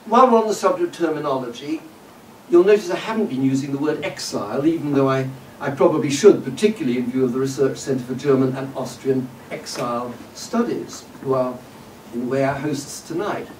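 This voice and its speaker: A man giving a public lecture in a hall, measured and discursive, with frequent "uh" and "um" and occasional wry asides. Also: medium pitch. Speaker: guest lecturer. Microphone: distant room mic. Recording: roomy hall audio from a distance with faint background noise.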